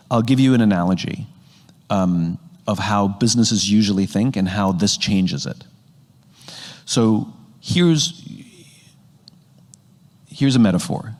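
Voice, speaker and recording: A man's voice: lowish voice, darkish tone. A man giving a talk on leadership, explaining his points through everyday analogies. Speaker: leadership speaker. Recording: long hall reverb.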